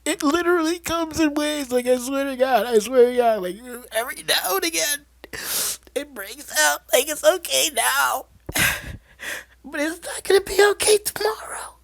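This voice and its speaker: A podcaster putting on a high anxious aunt. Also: moderate pace, gravelly, fairly bright tone, dry recording. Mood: pleading. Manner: overwrought, insistent. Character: anxious, pleading female aunt. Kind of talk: casual movie recap.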